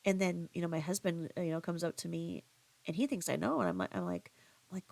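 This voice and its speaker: A woman's voice: lowish voice, very animated, fast talker, gravelly, a little mellow, no echo. A woman vlogger telling a story in a chatty, rambling way, full of asides and restarts. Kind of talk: casual storytelling monologue.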